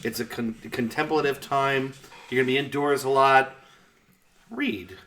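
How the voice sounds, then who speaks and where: A man's voice: medium pitch, a little slow, a bit bright, recorded from a distance, a little hiss or hum. A man co-hosting a podcast in casual chat, laughing often and restarting his sentences. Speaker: podcast co-host.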